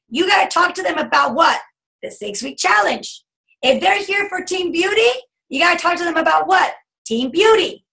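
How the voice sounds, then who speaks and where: A woman giving an animated sales coaching talk over a video call, acting out bubbly chatter as she teaches. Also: very high voice, poor audio. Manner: animated, acts out bubbly customer chatter in a squealing voice. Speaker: guest speaker coaching a sales team.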